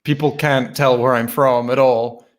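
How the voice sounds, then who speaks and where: A man's voice: medium pitch, steady tone. An English man with a hard-to-place, regionless accent, a podcast guest arguing his point in casual chat. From England. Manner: argumentative, quick rebuttals.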